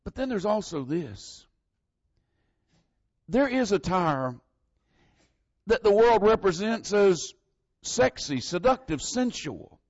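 A man's voice: high-pitched, big pitch swings, takes it slowly, long pauses, dry recording, highs cut off. A man from northern Florida with a Southern accent, preaching a folksy, conversational sermon and leaning hard on the scripture verses.

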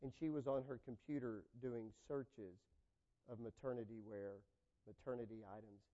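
A man preaching a sermon, swinging from loud, raised points down to quiet, low asides and acting out the people in his examples. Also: steady tone, moderate pace, dull audio. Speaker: pastor.

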